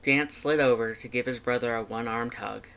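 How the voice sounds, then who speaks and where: A narrator reading fan fiction aloud at a middle pitch. The reading is plain and even, with the steady pace of an audiobook. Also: moderate pace, vocal fry.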